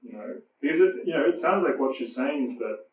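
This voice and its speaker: A man's voice: mid-range voice, expressive, fairly quick. A man hosting an interview, hesitant and full of fillers. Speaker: host. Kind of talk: casual interview questions. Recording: very echoey room, distant mic, faint ambience.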